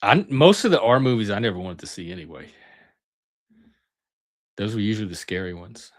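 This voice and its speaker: A middle-aged channel host with a fairly low voice talks briskly, his pitch swinging widely. Casually reminiscing on his own, he rambles and chats, often breaking off before a sentence is done.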